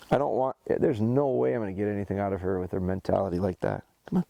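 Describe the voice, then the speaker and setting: Gravelly male dog trainer outdoors, mellow tone, keeps stopping to praise the pup. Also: fairly low pitch, steady tone, quick pace, hardly any pauses, slight background noise. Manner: casual, explains step by step, breaks off to praise the dog. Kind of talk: instructional talk while training a dog. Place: outdoors by a rural road.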